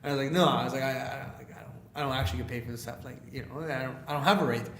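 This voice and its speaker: A young man from Canada, a leadership speaker, spins animated stories for a casual podcast interview, voicing the dialogue he quotes and using plenty of fillers. His mid-range voice comes out rapid-fire in a reverberant setting with slight background noise.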